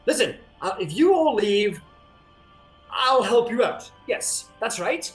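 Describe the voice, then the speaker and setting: A man's voice: high voice, very animated, slow, echoey room, soft background music, voice pushed up, heavily acted. A man voicing a jealous, boastful fey husband who warns others off his wife. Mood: smug. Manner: boastful, blustering.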